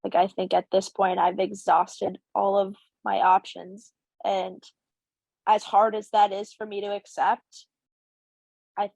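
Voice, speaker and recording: A young woman tells her story as a podcast guest, her voice sitting in a middle pitch. She is lively and acts out the dialogue within it. The sound is dry and close, with no room in it. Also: no room sound, lo-fi sound. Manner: animated, acts out quoted dialogue. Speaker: podcast guest, college hockey player. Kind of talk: casual storytelling interview.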